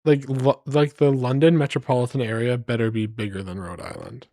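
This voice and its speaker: A man's voice: medium pitch, fairly even intonation, brisk, mellow, no echo, clean studio sound. A man streaming live, rambling playfully to his chat as he reads place names aloud.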